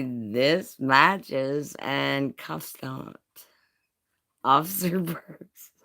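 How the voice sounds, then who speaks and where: A woman's voice: low-pitched, vocal fry, fairly bright tone. A woman chatting casually on a live stream, showing off jewelry, teasing her viewers and laughing with folksy slang.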